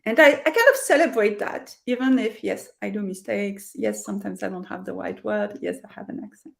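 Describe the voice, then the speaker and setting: In a video-call interview, a middle-aged female career coach with a French accent talks earnestly and reflectively. Her mid-range voice is brisk and gravelly, and she uses many fillers and restarts.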